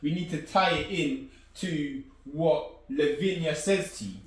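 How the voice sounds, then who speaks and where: A man's voice: on the high side, a little slow. Earnest man in a very echoey room. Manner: earnest, explaining, repeats you know what I'm saying. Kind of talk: reflective casual chat. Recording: very echoey room, far mic.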